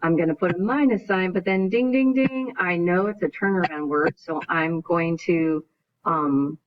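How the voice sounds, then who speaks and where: A woman's voice: fairly low pitch, fairly even intonation, moderate pace. A woman math teacher giving a recorded video lesson, explaining each step in order and often checking in with "right?". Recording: dull lo-fi recording.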